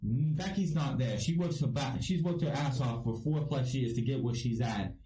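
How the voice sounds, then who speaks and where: A man's voice: mid-range voice, moderate pace, echoey room, distant mic, over music, low-quality recording. A man from Ohio giving a casual wrestling review, blunt and ranting, swearing freely. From Ohio, United States.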